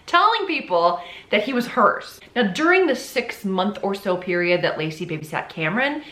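A woman's voice: medium pitch, big pitch swings, normal speed, fairly bright tone. A young woman host telling a true-crime story in a casual, chatty way, full of "like" and sarcastic asides. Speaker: podcast host. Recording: roomy echo.

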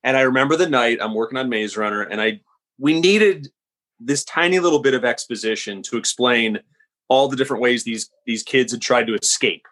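A man, a screenwriter guest in a casual podcast chat, with an ordinary mid-range voice. He reflects on his work in a self-deprecating way, pausing on "um" and "uh" as he gathers his thoughts. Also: mid-range voice, fairly bright tone.

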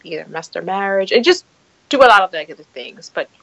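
A woman's voice: mid-range voice, expressive, fairly quick, vocal fry, fairly bright tone, no echo, dull audio. A woman from New York co-hosting a podcast, playful and giggly, often jumping in during casual chat. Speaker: podcast co-host.

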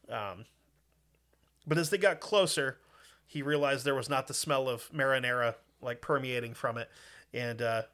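A man's voice: mid-range voice, a bit bright. A man from the United States telling a history story in a casual, profane, joking way with lots of fillers. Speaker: podcast host.

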